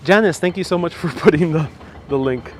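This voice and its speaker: His voice is a little high and brisk here, with a faint hiss or hum, as he streams a walking tour of the city streets live from a phone on a handheld gimbal, chatting casually and responding to viewers' comments.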